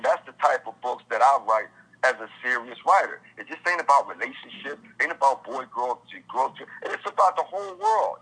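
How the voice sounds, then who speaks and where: A man's voice: on the high side, vocal fry, sharp tone, slightly rough, poor audio. A man, an author being interviewed, talking passionately in casual slang and acting out his characters. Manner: impassioned, acts out friends' dialogue in casual slang. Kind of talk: animated interview talk.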